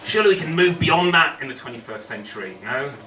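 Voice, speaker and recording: A man's voice: fairly high pitch, expressive, quick pace, pushed and bright. A man telling a true story on stage at a storytelling night, rambling and self-deprecating with humour. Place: event hall. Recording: echoey hall, distant mic, noisy.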